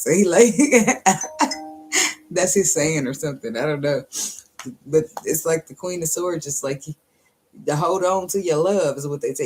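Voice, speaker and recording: Foul-mouthed, animated woman reading tarot. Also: low-pitched, a little fast. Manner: profane, blunt and animated, laughing often. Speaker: tarot reader. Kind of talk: casual channeled tarot reading.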